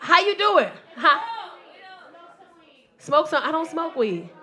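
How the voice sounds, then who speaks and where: A woman in her forties performing a loud, animated stand-up set with crowd work, telling stories to a live audience. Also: sits high, takes it slowly. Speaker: stand-up comedian. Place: comedy club stage with live audience. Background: audience laughter.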